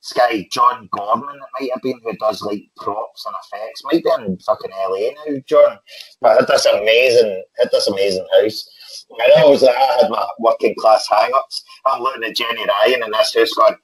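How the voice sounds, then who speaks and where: A man's voice: on the low side, moderate pace, slightly rough, dry recording, poor audio. A man with a Scottish accent, a guest actor telling stories in casual chat, swearing freely and laughing often.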